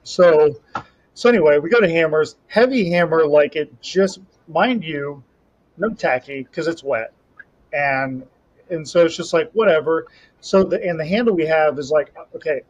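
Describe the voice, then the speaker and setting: Rambling, animated man telling a story. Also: fairly high pitch, normal speed. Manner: rambling, animated storytelling with self-talk asides. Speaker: podcast co-host and Highland Games athlete. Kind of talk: casual chat. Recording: slightly dull lo-fi audio.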